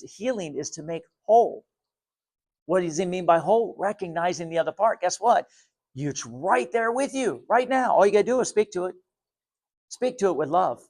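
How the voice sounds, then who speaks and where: Calm, gently insistent spiritual teacher man. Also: high voice. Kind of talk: spiritual talk to viewers.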